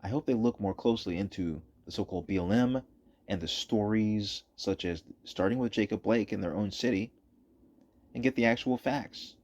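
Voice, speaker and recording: Emphatic low-voiced male commentator. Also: normal speed, a little mellow. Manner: emphatic, repeats points for stress. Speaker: political commentator. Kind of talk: opinionated commentary over footage.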